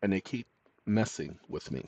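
Guy ranting to his viewers, gets loud then real quiet, muffled dead-dry audio. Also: low-pitched, animated, normal speed, creaky, dry recording. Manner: emphatic, swings from loud to hushed. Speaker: channel host. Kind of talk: monologue to viewers. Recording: dull lo-fi, dry sound.

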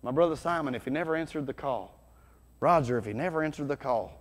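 Energetic man preaching in a reverberant hall. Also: on the high side, fast. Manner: energetic, conversational preaching with sudden loud bursts. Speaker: pastor. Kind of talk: sermon. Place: church hall.

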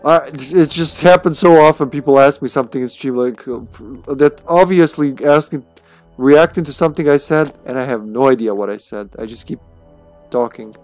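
A man's voice: medium pitch, normal speed, a little mellow, faint music behind. A man streaming a video game, chatting casually and playfully, often laughing at himself. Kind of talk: casual gameplay commentary.

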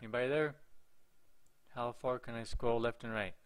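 A man casually commenting on a horror game as he plays it. He rambles along in a mid-pitched voice, jokes around and often talks straight to the characters on screen. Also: fairly even intonation, normal speed. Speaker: gameplay commentator. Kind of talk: casual let's play commentary.

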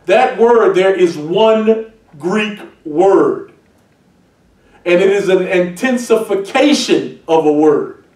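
A man preaching a sermon as a pastor, emphatic and building to shouted points. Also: high voice, expressive, slow. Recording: echoey church heard from a distance.

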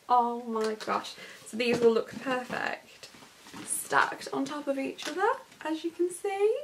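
A woman's voice: sits high, sing-song, unhurried, gravelly, background noise. A young woman in her bedroom, gushing breathlessly as she unboxes gifts in a chatty vlog. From England. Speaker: lifestyle vlogger. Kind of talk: excited unboxing chat.

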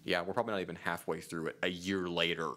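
A fast-talking man with a low voice co-hosts a laid-back podcast. Animated and lively, he banters and then reads a long quote out loud.

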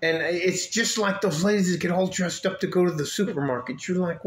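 A man's voice: high voice, a little fast, few pauses. Rambling joking man in an echoey room. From West Texas, USA. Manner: rambling, joking, drifts off topic. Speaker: vlogger. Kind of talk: casual rambling monologue to camera. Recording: roomy echo with faint noise.

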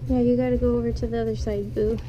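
A woman's voice: fairly high pitch, flat delivery, fast. A woman who owns guinea pigs talks to her pet in cooing, affectionate baby talk while caring for it at home. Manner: cooing, affectionate, sing-song. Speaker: pet owner vlogger. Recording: dull lo-fi sound with loud noise.

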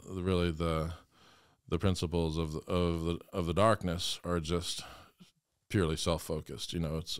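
A man's voice: deep voice, smooth, no echo, studio quality. A man, a priest, talking earnestly and with passion in an interview. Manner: earnest, impassioned storytelling. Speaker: guest priest. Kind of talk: conversational interview.

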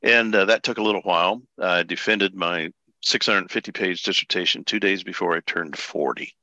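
Older man in his 70s, pastor telling life story; low voice, unhurried, folksy fillers. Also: sharp tone, dry recording, dull audio. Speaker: podcast guest, pastor. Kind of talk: storytelling interview.

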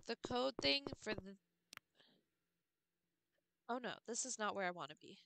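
A woman's voice: on the high side, animated, moderate pace, creaky, background noise. A woman streamer muttering and thinking aloud while puzzling through a game. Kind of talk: casual gameplay commentary.

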